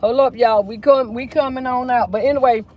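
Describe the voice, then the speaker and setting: A woman's voice: fairly high pitch, fairly even intonation, fairly quick, darkish tone, a little hiss or hum. A woman hosting a casual livestream from inside a car, chattily reading out viewer comments. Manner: chatty, reads viewer comments aloud, folksy. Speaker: livestream host.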